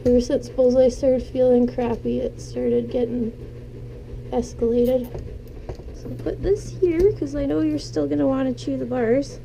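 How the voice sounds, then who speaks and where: Soft-spoken woman soothing her pets. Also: high-pitched, fairly even intonation, measured pace, vocal fry, slight background noise, poor audio. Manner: soothing, talks softly to animals. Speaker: pet vlogger. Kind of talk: casual talk to pets while cleaning cages. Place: indoor room with pet cages.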